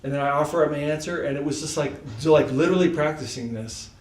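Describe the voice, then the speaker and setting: This fairly high-pitched man talks fast as he shares a personal story at a devotional gathering, loose and conversational, with plenty of "like" and "you know." The recording has an echoey room sound, a distant voice, and light hiss.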